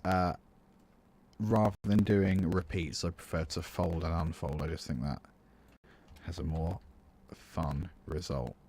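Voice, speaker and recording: A man's voice: deep voice, fairly even intonation, unhurried, a little mellow, a little hiss or hum. A British man, a music teacher, chatting casually through a live-streamed composition tutorial and answering viewers as he works. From United Kingdom. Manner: chatty, thinks aloud, answers chat between steps.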